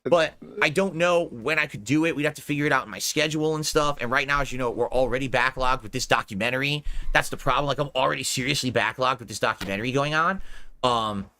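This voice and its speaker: An American man streams to his audience, his chat rambling and casual, full of frequent laughter and offhand swearing. His mid-range voice is bright and pushed, and he talks at a quick pace.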